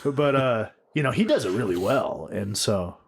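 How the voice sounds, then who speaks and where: Young male podcast co-host, mid-pitched, rambly, jokey, casual swearing. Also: lively intonation, normal speed, slightly rough.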